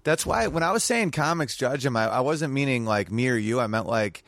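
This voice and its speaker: A male comedian talking as a podcast guest. He chats in a relaxed, offhand manner, with plenty of filler words. His voice is mid-pitched and sounds dry, close to the mic. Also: fairly quick, no echo. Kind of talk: casual chat.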